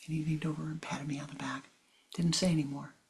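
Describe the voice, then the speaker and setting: A woman spiritual teacher giving a talk, telling a personal story, often dropping into soft whispered asides and acting out what people said. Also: deep voice, level tone, fast talker, slight background noise. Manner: acts out quoted dialogue expressively.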